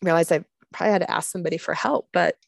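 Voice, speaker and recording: A woman sharing a personal faith testimony in a conversational, expressive storytelling way, with many casual fillers and laughs at herself. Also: on the low side, rapid-fire, creaky, no echo, studio quality.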